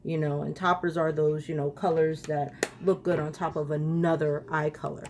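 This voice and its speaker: A woman vlogger chats straight to her viewers while she works through a makeup tutorial. Her talk is casual and rambling, with little rants along the way. Her voice sits low, and a faint room hum runs under it. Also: little pitch movement, moderate pace. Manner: chatty, ranting, talks to viewers directly. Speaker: beauty vlogger.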